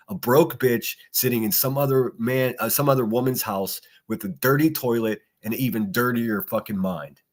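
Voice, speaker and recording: A man hosting a solo livestream podcast, reacting to clips with mocking, profane sarcasm. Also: mid-range voice. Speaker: podcast host.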